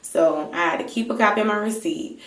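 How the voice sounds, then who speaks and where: A woman vlogger telling a story in a casual, animated and exasperated way, swearing freely. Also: medium pitch, fairly quick. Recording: roomy, mic at a distance.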